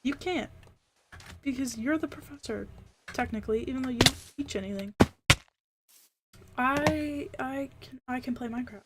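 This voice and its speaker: A woman's voice: high-pitched, normal speed, pauses often, noisy background. A young adult woman streaming a game, chatting casually and rambling with lots of fillers. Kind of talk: casual chat while gaming.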